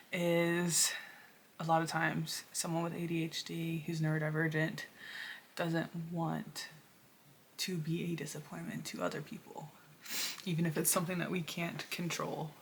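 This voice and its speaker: Bright-voiced excitable young woman vlogger. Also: lowish voice, creaky, a little hiss or hum. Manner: excitable, swings to soft confessional talk. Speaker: reaction video host. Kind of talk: casual reaction commentary.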